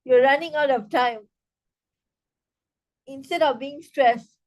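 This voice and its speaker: A woman teaching a laughter yoga session over a video call, speaking haltingly with many restarts and leading rhythmic bursts of laughter. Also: high-pitched, darkish tone. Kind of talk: online interactive workshop talk.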